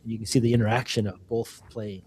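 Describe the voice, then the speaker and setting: A man's voice: fairly low pitch, level tone, fast talker, a little mellow, husky. A man co-hosting a casual interview podcast, talking in a reflective, rambling way with many restarts and "you know"s. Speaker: podcast co-host.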